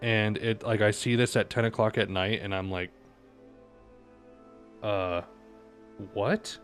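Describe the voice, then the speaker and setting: A young adult man chatting casually on a livestream, ranting wryly with quick asides. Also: lowish voice, fairly even intonation, fairly bright tone, faint music behind. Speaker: streamer reading manga live.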